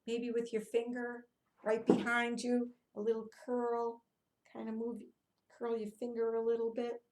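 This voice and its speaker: A woman leads young children through a picture book, asking questions and coaxing them to move along. Her voice sits a bit high and her delivery is slow and unhurried. She breaks into sing-song chants and drops to a softer, hushed tone when she guides them. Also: monotone. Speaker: children's movement teacher. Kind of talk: interactive read-aloud for young children.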